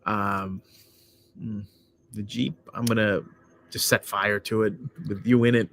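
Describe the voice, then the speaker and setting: Dry, deadpan man podcast co-host. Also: lowish voice, unhurried, slight background noise. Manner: dry, self-deprecating, deadpan. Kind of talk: casual married-couple banter.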